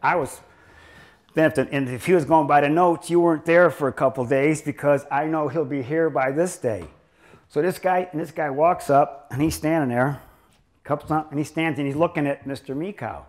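A man's voice: a little high, normal speed. An older man lecturing as a chiropractor, telling rambling stories in a sarcastic, joking way. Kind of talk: humorous lecture storytelling.

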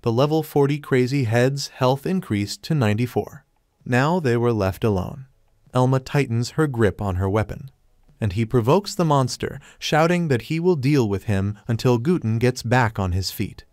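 A man narrates a story recap from a script. His pitch sits in the middle, and he keeps a steady, even pace through the action. The sound is dry and close. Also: moderate pace, no room sound.

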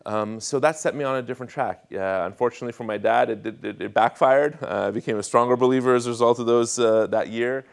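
A young adult man giving a sermon testimony as guest speaker, acting out family dialogue in an animated storytelling manner. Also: medium pitch, quick pace, vocal fry, hardly any pauses.

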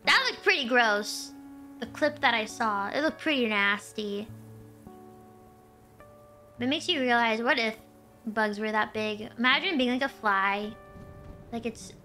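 A woman streamer with a slightly high, sharp voice chats animatedly while playing a game, telling stories along the way in casual gameplay talk.

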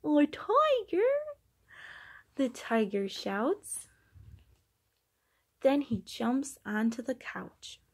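A woman reading a children's picture book aloud, acting out the sound effects with animated delivery. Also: on the high side, very slow, creaky, long pauses, slightly rough. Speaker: storybook reader.

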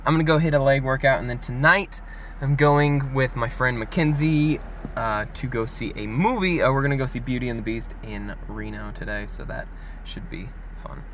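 A young man talking casually to camera in a vlog, chatty and animated, laughing often. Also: mid-range voice, moderate pace, few pauses, slight background noise. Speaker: vlogger. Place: gym parking area.

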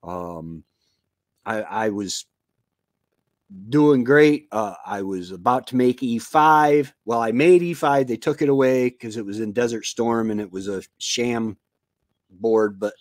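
A man's voice: mid-range voice, slow pace, no room sound, studio quality. A man in his fifties hosting a homestead live stream, chatting casually in a rambling way with lots of fillers and restarts. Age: 50s. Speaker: homestead show host. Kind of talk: casual livestream chat. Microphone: computer mic on a live stream.

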